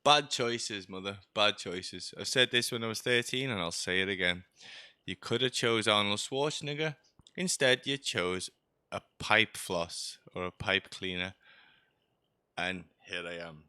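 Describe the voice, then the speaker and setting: A man's voice: on the low side, normal speed, pushed and bright, clear, resonant tone, dry recording. A man streaming a game, rambling and joking in a chatty, sarcastic way. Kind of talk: rambling gameplay commentary.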